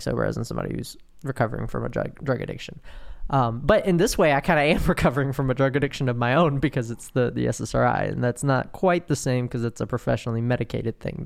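Gravelly man speaking candidly. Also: mid-range voice. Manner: candid, halting, many restarts and fillers. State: in withdrawal pain, slowed. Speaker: podcast host. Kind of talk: personal monologue.

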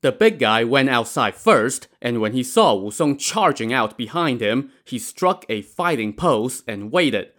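A man's voice: mid-range voice, very animated, a little slow, hardly any pauses, fairly bright tone. Man narrating a story with wry humor. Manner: wry, conversational retelling. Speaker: podcast host and storyteller.

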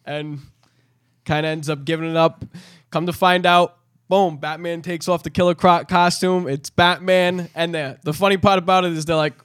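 Bright-voiced, jokey man. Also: a little high, fairly even intonation, moderate pace, clean tone, dry recording, clean studio sound. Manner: jokey, laughs along. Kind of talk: casual chat.

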